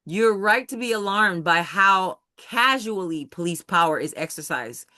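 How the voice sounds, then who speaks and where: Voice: mid-range voice, expressive, unhurried, pushed and bright, no echo, clean studio sound. A host leading a live video-call study session. The host talks emphatically and keeps asking whether everyone understands. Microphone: computer mic on a video call.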